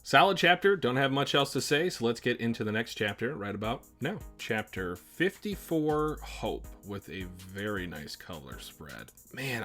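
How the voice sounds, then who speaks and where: Low-voiced man reading manga aloud. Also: a bit bright. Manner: reads character dialogue aloud, then breaks off into chatty remarks. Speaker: manga reaction host.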